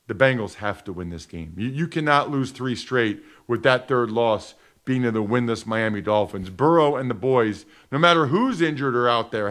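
A man's voice: mid-range voice, fairly bright tone. A man giving emphatic, conversational football analysis on a radio sports show.

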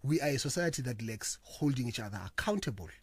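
A man talking in a casual discussion, telling anecdotes in a measured way. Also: mid-range voice, lively intonation, slight background noise.

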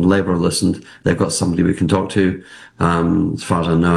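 A man's voice: low-pitched, gravelly, darkish tone. A man, a political commentator, arguing his points emphatically in a news interview, often repeating words as he presses on.

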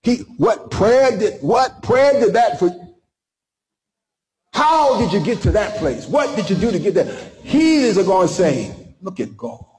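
A male preacher in full flow, pushing his voice up high and leaning on dramatic pauses. The echo around him sounds like a large room. He delivers the sermon with fervor and plays out little dialogues. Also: big pitch swings, darkish tone, a little hiss or hum. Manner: impassioned, preaching with dramatic pauses and acted-out quotes.

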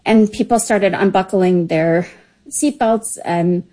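A woman in her fifties telling a personal memory in a slow, emotional, halting way. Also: mid-range voice, warm tone, rough recording. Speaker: story contributor. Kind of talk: personal storytelling.

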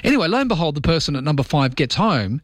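A male radio talk show host in easy, casual chat with callers. His voice sits a touch high and sounds dry and close on the studio mic. He rambles through self-deprecating stories. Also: sing-song, rapid-fire, no room sound. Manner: chatty, self-deprecating storyteller.

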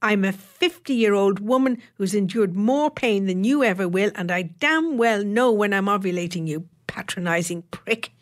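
A woman's voice: medium pitch, expressive, measured pace. A woman voicing a wry beautician in her fifties. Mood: furious. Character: sharp-tongued fifty-something beautician woman, wry.

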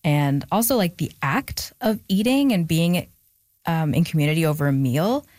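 A woman's voice: low-pitched, expressive, normal speed, darkish tone, no room sound, studio quality. A woman author being interviewed, talking in an earnest, reflective way with fillers. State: emotional, near tears at times. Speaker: author, guest. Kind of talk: casual interview talk.

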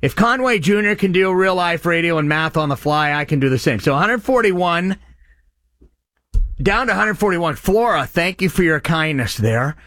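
A middle-aged man hosting a live radio charity appeal, eagerly thanking callers by name and stumbling over his words when excited. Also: fairly high pitch, moderate pace, no room sound, clean studio sound. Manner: excitable, names donors with loud bursts of enthusiasm; stutters and restarts when excited. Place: radio studio.

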